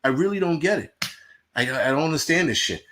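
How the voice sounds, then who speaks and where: A man's voice: fairly high pitch, lively intonation, a little fast, a bit bright, slight background noise. A man hosting a livestream, ranting bluntly and profanely to his chat in casual talk. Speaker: livestream host.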